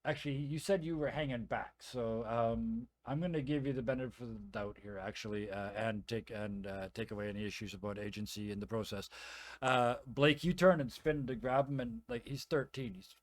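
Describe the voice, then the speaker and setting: A man's voice: mid-range voice, brisk, no room sound. A man narrating as game master of a tabletop game, chatty and loose with fillers and laughter.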